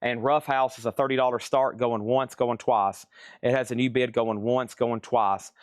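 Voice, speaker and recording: Smooth-voiced man running a live auction. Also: medium pitch, steady tone, normal speed, no echo. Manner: rattles off titles and prices with chatty asides. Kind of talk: live-stream record sale.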